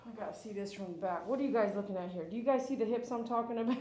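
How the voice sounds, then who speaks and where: A woman's voice: medium pitch, quick pace, few pauses, slight background noise. A woman dog groomer chatting live with viewers while she works, cooing and baby-talking to the dog and breaking into cheers. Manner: coos and baby-talks to the dog, bursts into cheers. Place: grooming salon. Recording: echoey room.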